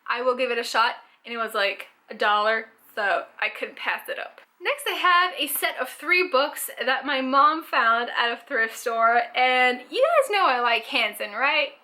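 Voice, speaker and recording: A young woman from Canada talks through a casual book haul vlog. Her voice sits high and sounds sharp and bright. She chats eagerly, full of likes and ums. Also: lively intonation, a little slow, few pauses. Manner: chatty, enthusiastic, lots of fillers. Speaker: book vlogger.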